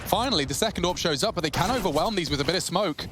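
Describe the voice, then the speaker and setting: A man casting a competitive shooter match live, with quick play-by-play that rises sharply on big moments. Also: background noise. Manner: excitable, rising in pitch on big plays. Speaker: esports caster. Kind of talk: play-by-play commentary.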